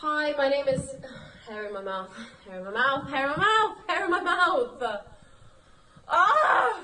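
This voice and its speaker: A woman's voice: high voice, expressive, moderate pace, slight background noise. A woman playing a scatterbrained, self-styled pop star attempting a comeback, sounding flustered. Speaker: comedy guest. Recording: echoey room with loud music.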